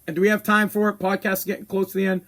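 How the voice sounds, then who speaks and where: A man's voice: high voice, level tone, very fast, fairly bright tone. A man hosting a podcast, giving a blunt, profane opinion rant. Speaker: podcast host. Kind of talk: casual opinion monologue.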